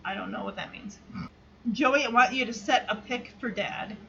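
A woman's voice: fairly high pitch, normal speed, vocal fry, pushed and bright, highs cut off, a little hiss or hum. A woman hosting a podcast, recapping a sitcom episode in a chatty way, full of "like" and quoted lines she acts out. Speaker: podcast host.

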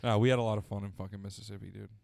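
A man's voice: lowish voice, fairly even intonation, rapid-fire, creaky, darkish tone, no room sound. A young man telling a long story in casual podcast chat, rambling and profane, often laughing and acting out voices. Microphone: studio podcast mic.

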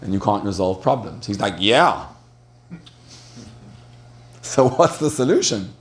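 Low-voiced man telling a story to a crowd. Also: very animated, measured pace. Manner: chatty, with frequent restarts and laughter. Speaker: speaker addressing an audience. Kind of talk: storytelling talk on marriage.

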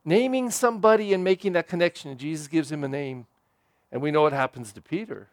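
A man's voice: a little high, fast talker, dry recording. Man preaching a homily, dry close sound. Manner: conversational preaching, rising for emphasis and dropping soft for prayer. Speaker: priest. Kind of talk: homily at Mass.

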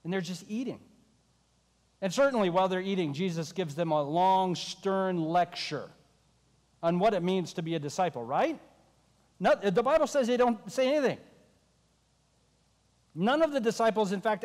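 A high-voiced man preaching to a congregation, his words ringing with the long reverb of a large hall. He tells the story in an animated way, slipping into the voices of the people in it. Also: moderate pace. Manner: animated, acting out the disciples' voices. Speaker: pastor. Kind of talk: sermon.

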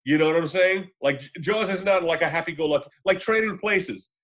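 A podcast co-host with a slightly high voice and a somewhat fast pace chats casually about movies. He tells stories with animated energy and acts out the voices of the people he quotes.

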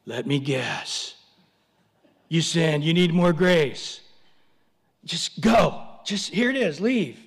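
A man voicing Jesus as a patient but worn-out adult man, speaking low and tired. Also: slow pace, slightly rough, long reverb tail. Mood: weary.

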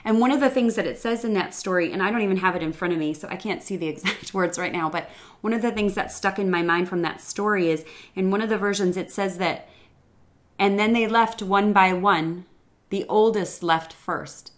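An earnest, reflective middle-aged woman speaks in a personal faith-podcast monologue. Her pitch sits in the middle of the usual range for a woman, and now and then she pauses on a soft "um" before carrying on. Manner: earnest and reflective, with some hesitant "um"s. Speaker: podcast host.

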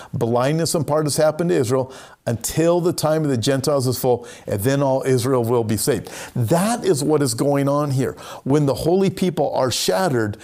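A man preaching a sermon, emphatic, lifting his voice on quoted lines and slowing down to stress key words. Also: a little mellow. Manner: emphatic, rises in pitch for scripture quotes, slows to stress words. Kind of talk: sermon on prophecy.

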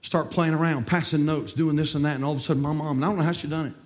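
A man preaching a fiery sermon, folksy and repetitive, swinging from quiet talk to shouting. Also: on the high side, fairly even intonation, rapid-fire. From North Carolina, USA. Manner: folksy, repeats words. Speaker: pastor.

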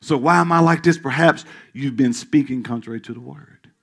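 A male pastor preaching a sermon in church, calling out questions to the congregation and dropping into hushed asides. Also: mid-range voice, fairly quick, creaky. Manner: call-and-response preaching, swings from loud to hushed asides.

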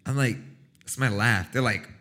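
A young man talks loosely to his stream viewers, rambling from thought to thought and swearing freely. He keeps breaking into a loud, high cackling laugh. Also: normal speed. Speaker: livestream host. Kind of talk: casual chat.

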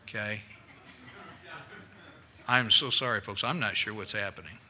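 A male pastor telling a story in a sermon, animated and acting out the voices of people he quotes, on a worn microphone in a church. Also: lowish voice, unhurried, rough recording.

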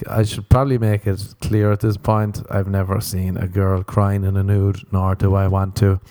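A man's voice: sits low, level tone, normal speed, mellow, no echo. A man hosting a podcast, telling rambling, profane, self-mocking stories in a casual comedic monologue. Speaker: podcast host.

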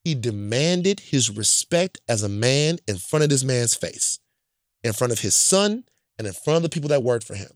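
A man's voice: medium pitch, very animated, moderate pace, no room sound. Brief: blunt, emphatic male storyteller from Louisiana, casual, dry close mic. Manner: emphatic, repeats points, checks in with "right?"; profane and blunt.

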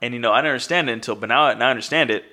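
A man's voice: mid-range voice, racing, bright, forceful tone. A man in his thirties telling a rambling, profane story in casual chat, acting out what people said. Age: 30s. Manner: profane, rambling, acts out quoted dialogue.

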